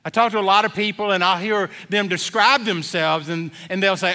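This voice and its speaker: A middle-aged man preaching from the pulpit of a church, with a high, bright voice. He tells homey stories and jokes in an easy, rambling way, full of "uh"s, and speaks into a stage mic. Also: lively intonation, brisk, hardly any pauses. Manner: folksy storytelling with many fillers. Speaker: pastor. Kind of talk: sermon. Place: church sanctuary.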